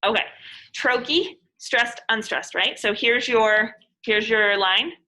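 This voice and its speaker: Bright-voiced woman teaching in echoey room. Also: on the high side. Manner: patient, repeats definitions slowly. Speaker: poetry teacher. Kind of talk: classroom lesson. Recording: echoey room, mic far off.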